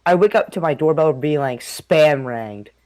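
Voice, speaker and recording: Young man, slightly high voice, dry close sound, rambling, profane, laughing, casual storytelling. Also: animated, normal speed, darkish tone, dry recording. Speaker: host.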